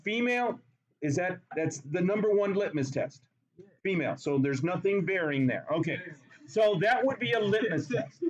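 A man's voice: sits high, animated, normal speed, lo-fi sound. A man teaching a chemistry class in a classroom, talking playfully and repeating words for emphasis. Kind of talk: classroom lecture.

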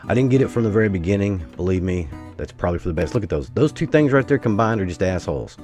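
A deep-voiced American man rambles through his gameplay commentary, his pitch leaping up when excited and dropping into low grumbles. Faint guitar music plays under his voice. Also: fast. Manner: rambling, exclamatory, swings between excited and grumbling. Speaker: gaming YouTuber.

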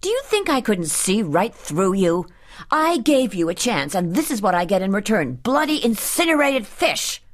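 A sharp-tongued lady of the house scolds her cook shrilly, as a woman narrator puts her on. The voice leaps up and down in pitch. There is a slight huskiness to it. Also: lively intonation, unhurried, few pauses, slightly rough. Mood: furious.

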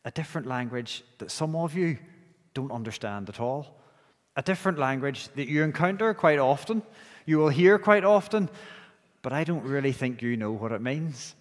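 A Northern Irish man leads a church service, praying and then speaking to the children, and he often repeats a phrase's first words before going on. His voice sits at an ordinary middle pitch. A long reverb trails after him through the church. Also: expressive, moderate pace. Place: church sanctuary.

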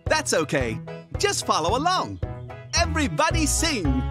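A woman's voice: on the high side, wildly swooping pitch, unhurried. A woman voicing a cheerful male frog who leads children in a sing-along. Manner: bubbly, encouraging. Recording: children's music behind.

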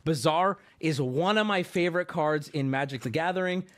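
A man in his thirties streaming live, talking casually and swearing, breaking into loud outbursts. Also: on the high side, moderate pace. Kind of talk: live stream pack opening.

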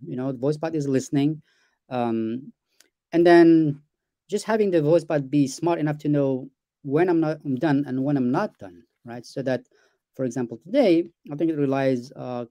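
A man hosts an interview, chatting animatedly with plenty of fillers and acting out short examples as he talks. His voice is mellow and dark-toned, recorded dry and close. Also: mid-range voice, normal speed, no echo. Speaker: interview host. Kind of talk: casual conversational interview.

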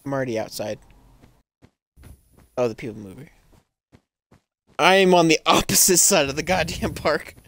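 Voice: medium pitch, expressive, normal speed, pauses often, a bit bright. A young player chatting casually during a game and laughing easily. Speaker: gamer. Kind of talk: casual gameplay chat.

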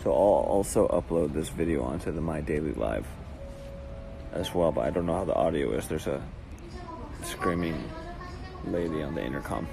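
A man's voice: extremely low pitch, expressive, moderate pace, gravelly, long pauses, dark tone. A man hosting a casual phone livestream, rambling and joking as he greets viewers in a cafe. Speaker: livestream host. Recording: noisy phone livestream audio.

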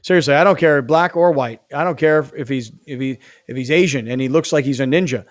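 A man's voice: mid-range voice, fast talker, dry recording, clean studio sound. A man co-hosting a sports talk show, joking and acting out bits of street talk. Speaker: co-host. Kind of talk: sports radio banter.

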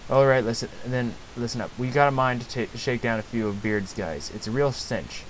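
A man voicing a swaggering male bandit boss in a game, with a low tough-guy drawl full of slang. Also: moderate pace, a little hiss or hum, close to an everyday voice, rough recording. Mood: menacing.

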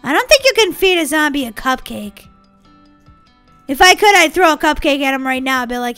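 A woman with a very high, bright voice chatters through a game with bubbly, silly let's-play commentary and frequent giggles. Faint game music plays behind her. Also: animated, moderate pace. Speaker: gaming channel host.

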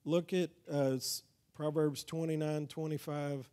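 A man's voice: on the high side, level tone, unhurried, warm tone. A man with a Texas accent giving an evangelism training talk in a church, speaking conversationally and often asking the crowd "amen?". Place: church hall.

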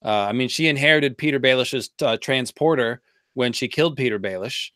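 A man's voice: mid-range voice, brisk, sharp tone, no echo, clean studio sound. A man co-hosting a live stream Q&A, teasing and joking with the host. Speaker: co-host guest.

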